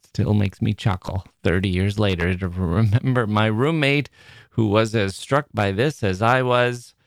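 A man's voice: on the low side, unhurried, dry recording, clean studio sound. A man hosting a literature podcast, chatting wryly and then reading a passage aloud. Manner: chatty, wry, self-correcting. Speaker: podcast host. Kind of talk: casual solo podcast talk and reading aloud.

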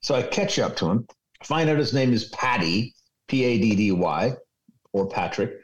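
Veteran radio man, 60s, lowish voice; loose, profane storyteller on a video call. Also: lively intonation, normal speed, highs cut off. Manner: rambling, profane anecdotes. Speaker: radio program director guest. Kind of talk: storytelling interview.

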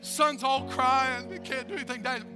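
A man's voice: extremely high pitch, steady tone, moderate pace, music in the background. A man preaching a sermon as pastor, with an emphatic, repetitive cadence.

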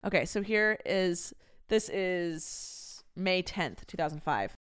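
A woman's voice: on the low side, animated, slow pace, fairly bright tone, smooth. A woman in her thirties hosting a podcast, chatting casually and reading her old diaries aloud, swearing freely and laughing at herself. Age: 30s. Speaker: podcast host.

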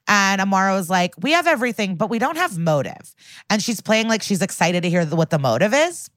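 A woman's voice: medium pitch, a little fast, dry recording. A woman co-hosting a podcast, casually recapping a TV crime episode and acting out the characters' lines, with many fillers. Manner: animated retelling, acting out quotes with many fillers. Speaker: podcast co-host.

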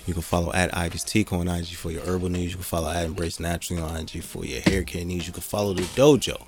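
A man's voice: low-pitched, little pitch movement, fast, a little mellow. A man hosting a podcast, talking in a laid-back, rambling way and swearing freely. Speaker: podcast host. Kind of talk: casual podcast chat.

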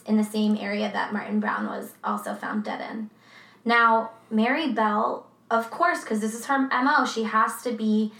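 A woman's voice: on the high side, fairly bright tone, roomy sound. A woman co-hosting a true crime podcast in a casual, swearing, laughing chat. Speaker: podcast co-host.

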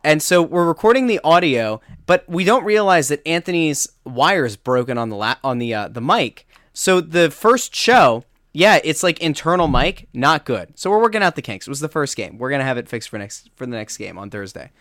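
A man's voice: a little high, normal speed, few pauses, dry recording, studio quality. A man co-hosting a casual sports podcast, telling a story with lots of restarts and fillers. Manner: animated storytelling with many restarts. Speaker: podcast co-host.

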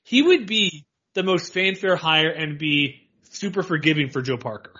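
Man, casual sports podcast chat, animated, fairly high voice, dull lo-fi recording. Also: moderate pace, husky. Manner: animated, laughs often, rambling. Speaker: podcast co-host. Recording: dull lo-fi audio.

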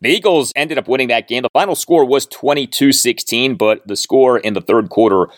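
A man in his forties hosting a sports podcast, reading listener emails and answering with brisk, dry humor. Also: mid-range voice, no room sound. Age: 40s. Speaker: podcast host. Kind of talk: sports talk podcast monologue.

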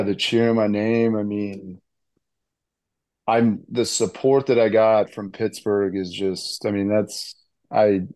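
A man in his thirties, a ballplayer guest in a casual interview, talking excitedly and rambling with many fillers and restarts. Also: lowish voice, dry recording. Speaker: baseball player guest.

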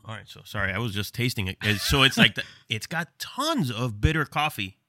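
Bright, chatty American co-host. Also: male voice, mid-range voice, very animated, no echo. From United States. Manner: chatty, quick asides and laughs, storytelling. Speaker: co-host of a cigar and beer pairing show. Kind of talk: casual chat.

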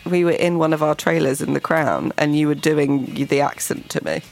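A woman's voice: sits low, a little fast, creaky, a little mellow. A woman hosting a radio interview, playful and teasing in her questions. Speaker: radio host.

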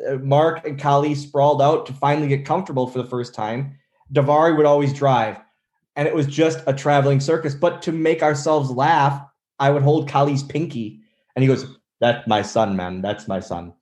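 A man telling lively road stories. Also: a little high, moderate pace. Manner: animated storyteller, acts out quotes. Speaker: guest, former wrestler. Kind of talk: casual interview storytelling.

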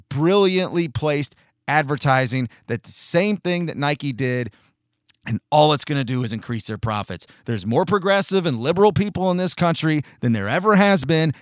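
A sarcastic man riffs through an opinion monologue with blunt, casual swearing and halting restarts. His voice sits a bit higher than most men's, and the sound is dry and close with no room echo. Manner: halting restarts, mocks others with shouted put-on outrage. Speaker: commentator.

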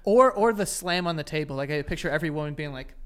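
A young man co-hosting a podcast in casual chat, gossipy and animated, cursing often. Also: fairly high pitch, fast talker, clear, resonant tone. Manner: animated, swears a lot, gossipy. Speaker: podcast co-host.

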